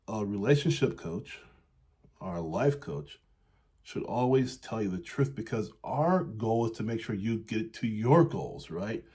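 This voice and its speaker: A man's voice: medium pitch, dark tone, husky. A man working as a relationship coach, telling a fable and then talking casually about honest feedback, often tagging lines with "right?". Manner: casual, repeats "right?", laughs lightly. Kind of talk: storytelling and coaching talk.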